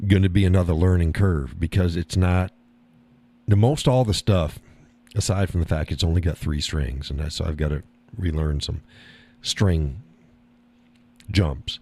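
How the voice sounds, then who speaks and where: A man's voice: deep voice, moderate pace, warm tone, breathy edge. A man hosting a live stream, chatting casually and reading the chat, folksy and easygoing, often repeating his own phrases.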